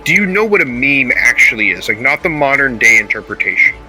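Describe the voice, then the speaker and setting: Guy cohosting a nerdy podcast, super animated, bright sharp voice, rambles and swears, faint music behind. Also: fairly quick. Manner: excitable, rambling, swears, bursts into loud high exclamations. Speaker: podcast co-host. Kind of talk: casual chat.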